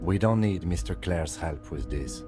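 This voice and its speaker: An actor playing a calm, reserved police lieutenant in a video game, speaking in a dry, clipped and composed way. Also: male voice, sits low, measured pace, over music.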